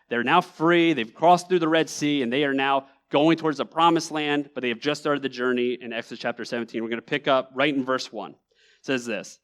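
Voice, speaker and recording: Animated man preaching a sermon. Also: on the high side. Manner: conversational, animated preaching with acted-out quotes. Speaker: pastor. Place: church sanctuary.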